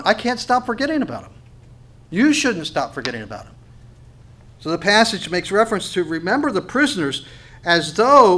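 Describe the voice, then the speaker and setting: A man's voice: a little high, a bit bright. A man preaching a sermon, reading scripture, asking questions and answering them himself, and repeating phrases for emphasis. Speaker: pastor.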